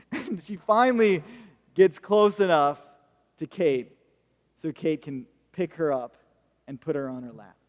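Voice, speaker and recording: Male American pastor, lightly comic sermon storyteller, high voice, long hall echo. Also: measured pace, pauses often. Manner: storytelling, jokey asides. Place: church hall.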